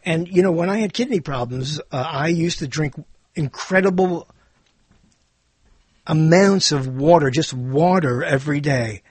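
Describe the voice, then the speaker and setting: An older man with a high, husky voice, talking off the cuff as the host of his own show. He wanders from one thought to the next, joking and puzzling over word meanings. The recording is close and dry, with no room sound. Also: expressive, moderate pace, no echo. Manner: digressive, joking, muses aloud about word meanings. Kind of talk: rambling casual monologue.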